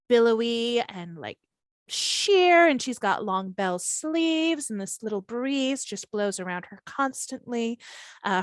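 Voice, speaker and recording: A woman game master describing scenes in a relaxed, meandering way, her voice pitched fairly high. The sound is close and dry, as from a home call setup. She mixes hasty asides with scene description. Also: no echo. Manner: casual, rambling descriptions with fillers. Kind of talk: narrating a tabletop game.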